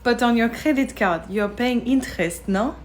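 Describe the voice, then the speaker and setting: Brief: woman playing a matter-of-fact French server with a French accent, fairly high voice, comedy sketch. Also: moderate pace, close to an everyday voice. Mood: calm, puzzled. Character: polite French woman serving at a restaurant.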